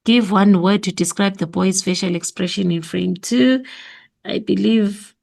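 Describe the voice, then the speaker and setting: A woman with a South African accent takes a class through an exam memo. She speaks slowly, and her voice has a gravelly, creaky edge. She thinks aloud and repeats her answers. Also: lowish voice, darkish tone. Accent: South African English. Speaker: teacher going over exam memo. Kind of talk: exam revision lesson.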